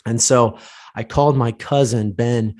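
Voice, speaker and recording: A man's voice: medium pitch, steady tone, unhurried, a little mellow. A man in his thirties hosting a podcast, giving a casual motivational talk and telling stories with many fillers and restarts. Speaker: podcast host, lawyer.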